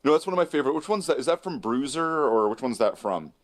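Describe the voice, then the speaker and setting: A man's voice: mid-range voice, lively intonation, fast. A man co-hosting a casual chat, rambling and laughing often. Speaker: co-host.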